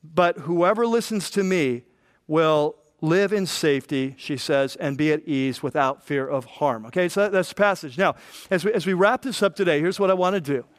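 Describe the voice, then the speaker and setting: A man preaching a sermon, reading scripture and acting out the voices in it with lively emphasis. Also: fairly high pitch, moderate pace, no room sound, clean studio sound. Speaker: pastor.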